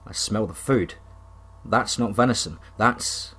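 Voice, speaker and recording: A man reading a first-person horror story aloud, dramatic and rising to shouts. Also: medium pitch, expressive, measured pace, slightly rough.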